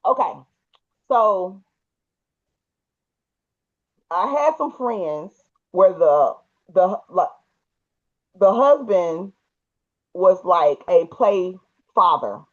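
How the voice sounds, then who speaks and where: A woman telling a personal story in a casual, animated and emphatic way, with colloquial speech. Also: fairly low pitch, drawn-out words, long pauses, muffled recording.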